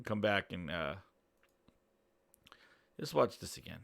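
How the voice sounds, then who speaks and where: Here the gaming channel host has a deep, fairly bright voice with vocal fry, lively intonation, and a slow delivery. His casual reaction rant rambles, with plenty of swearing and laughs.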